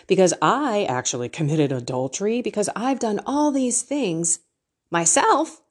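Lively, candid woman sharing faith. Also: medium pitch, slightly rough. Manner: candid and emotional, lively, self-deprecating. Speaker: faith and life coach. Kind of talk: casual faith talk to an online group.

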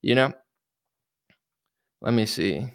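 A man's voice: mid-range voice, animated, slow, clear, resonant tone. An American man in casual commentary, rambling and repeating himself, reading viewer comments. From United States. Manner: rambling, repeats words, many likes and you-knows. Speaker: commentator reacting to news.

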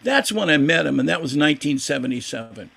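An older man with a gravelly, rough-edged voice that sits a little high for a man. He tells his story as a guest in a casual interview. He is animated and acts out the voices of the people he talks about. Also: fast talker. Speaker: guest musician.

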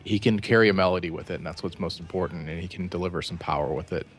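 A man co-hosting a music podcast, speaking casually in halting bursts with many fillers and restarts. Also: deep voice, breathy edge. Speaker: podcast co-host. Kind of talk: casual album review chat.

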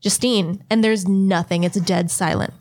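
A woman's voice: mid-range voice, fairly even intonation, measured pace, a little mellow. A young woman telling a story in casual chat as a podcast co-host, chatty and cursing freely, acting out what people said. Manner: chatty, swears freely, acts out quoted voices.

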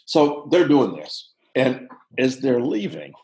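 A man in his sixties from Pittsburgh, telling a long personal story in a casual, halting way with frequent restarts. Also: mid-range voice, vocal fry. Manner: animated, halting with restarts, drops to hushed tones. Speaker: guest storyteller, former soccer coach. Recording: roomy echo.

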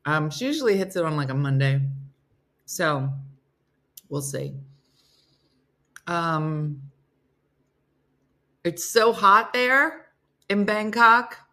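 Bright-voiced woman chatting live. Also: lowish voice, animated, slow, long pauses. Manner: chatty, playful, teasing asides to viewers. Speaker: host of a live morning show. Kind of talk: casual live-stream chat.

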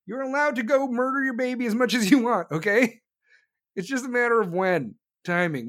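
This is a combative livestream host ranting through political commentary, cursing freely and talking fast in bursts. Opponents get mocked in sarcastic put-on voices before the host snaps back to a blunt, scornful delivery. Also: mid-range voice, expressive, a bit bright. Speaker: livestream host taking callers.

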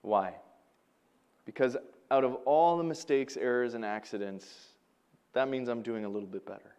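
A male pastor preaching a sermon, telling stories with animation and swinging between loud emphasis and quiet asides. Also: mid-range voice, moderate pace, clean tone.

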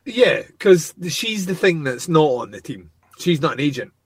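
A man's voice: on the high side, sing-song, moderate pace. A man chatting casually as co-host, adding joking asides and laughing along. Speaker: podcast co-host. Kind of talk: casual chat.

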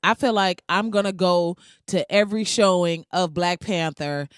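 A podcast host telling stories in casual, comedic chat, animated and full of slang and swearing, laughing often. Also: mid-range voice, normal speed, clean tone, no room sound, clean studio sound. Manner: animated, slangy, profane storytelling with frequent laughs.

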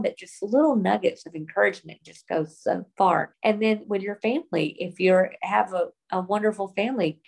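A woman's voice: on the low side, gravelly, darkish tone. A woman guest on a faith-based podcast, speaking in a heartfelt, encouraging way about her own experience.

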